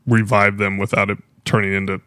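A man hosting a podcast, rambling in a loose, relaxed way. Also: on the low side, a little fast, clear, resonant tone, dry recording. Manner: rambling, laid-back, lots of fillers. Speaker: podcast host. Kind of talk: casual podcast chat.

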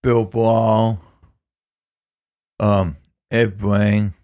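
A man with a somewhat low voice recalls old times in short, plain statements. His delivery is matter-of-fact and unhurried. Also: flat delivery, a little mellow. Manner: brief, matter-of-fact recollections. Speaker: longtime resident guest. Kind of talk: casual reminiscing conversation.

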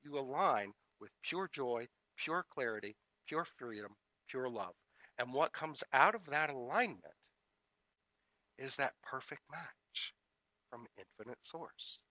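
Bright-voiced male minister preaching. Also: mid-range voice, lively intonation, no room sound, dull audio. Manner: measured, repetitive incantatory cadence. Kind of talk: spiritual sermon.

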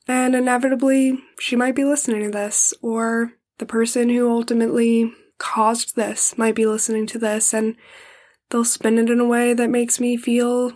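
A woman's voice: on the high side, little pitch movement, darkish tone. Emotional young mother, voice near tears. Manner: emotional, pausing to hold back tears. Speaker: podcast host. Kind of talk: personal podcast monologue.

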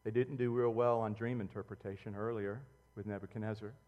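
A middle-aged male pastor delivering an animated sermon, his voice rising to loud emphatic peaks and then dropping low and close. The sound carries a long reverb, as if heard in a large church hall through a stage microphone. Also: fairly quick, phone-quality sound. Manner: animated preaching, swinging between loud outbursts and quiet, low intimacy.

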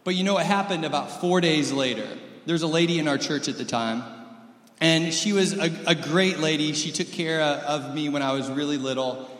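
A man in his thirties preaching a sermon and telling stories, moving between loud lively stretches and soft close ones. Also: on the high side, moderate pace, roomy sound, long reverb tail. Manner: storytelling, swings from loud and lively to soft and intimate. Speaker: pastor.

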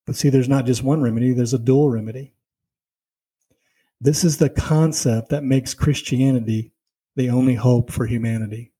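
A man's voice: mid-range voice, fairly even intonation, moderate pace, dark tone, slightly rough, poor audio. A man teaching a Bible lesson in a conversational way, telling personal stories and driving his points home with "see" and "you know.".

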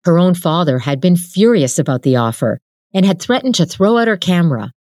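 A woman host calmly reading a novel excerpt aloud, in a gentle storytelling manner. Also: lowish voice, brisk, no room sound, studio quality. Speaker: podcast host and reader. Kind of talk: scripted narration.

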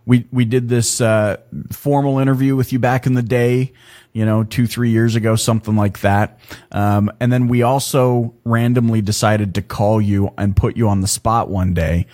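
A man's voice: mid-range voice, fairly even intonation, moderate pace, darkish tone. A man from Canada in his thirties hosting a podcast interview, joking around and laughing often, with plenty of fillers. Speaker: podcast host. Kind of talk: casual interview chat.

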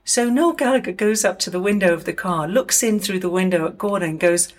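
A woman telling an anecdote from her own life in a relaxed, chatty way. Her voice sits a little low, and she wanders into asides and fillers as she goes. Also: fairly quick. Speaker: storyteller. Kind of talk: casual anecdotal storytelling.

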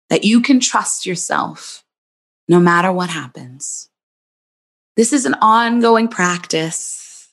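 A woman hosting her own podcast, speaking in a gentle, soothing, reflective monologue. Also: on the low side. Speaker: podcast host and psychologist.

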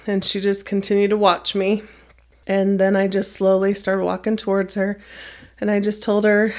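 In a mid-range voice, this woman, who teaches middle school math, tells of something she went through during an interview. Her manner stays calm, measured and straightforward.

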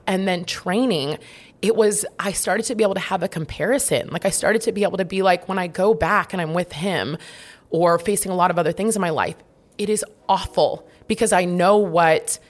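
A young woman in a candid interview, openly and emotionally reflecting on a hard past relationship. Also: lowish voice. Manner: open, reflective, emotional storytelling. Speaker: guest.

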